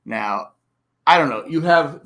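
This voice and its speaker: A man hosting a casual sports podcast, talking fast and acting out coaches' and fans' reactions. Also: on the high side. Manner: animated, acts out coaches and fans with exclamations. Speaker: podcast host.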